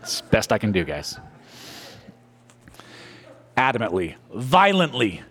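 A man preaching a sermon in church, telling the story with animated voices and jokey asides. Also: fairly low pitch, a little slow. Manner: animated storytelling, acting out characters. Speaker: pastor.

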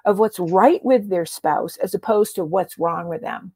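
A middle-aged woman coach talks in a lively, animated way in a casual interview and acts out the lines of the people in her stories. Her voice is husky with a gravelly fry. It is recorded dry, with no room sound. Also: on the low side, measured pace, no room sound. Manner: animated storyteller acting out quoted dialogue. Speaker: transformation coach guest.

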